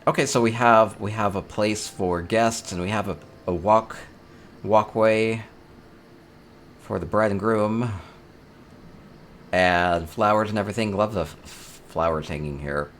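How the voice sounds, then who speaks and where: A man's voice: lowish voice, unhurried, long pauses, a bit bright, slight background noise. A man hosting a casual tour of player homes in a game, chatting upbeat and thinking aloud with small chuckles. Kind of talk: casual gameplay commentary.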